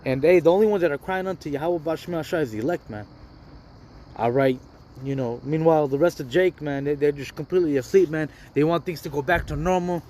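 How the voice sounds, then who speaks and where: A man preaches informally, reading scripture aloud and riffing on it in loose, repetitive street talk. His voice sits a little high. Faint outdoor traffic hums behind him. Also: fast talker, dark tone. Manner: casual, repeats "man" and "all right" constantly.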